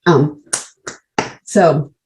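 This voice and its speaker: A woman's voice: deep voice, steady tone, very slow, a little mellow, a little hiss or hum, poor audio. A woman candidly telling her own recovery story over a video call, blunt and profane, full of "like" fillers. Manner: blunt, swears freely, leans on "like" fillers.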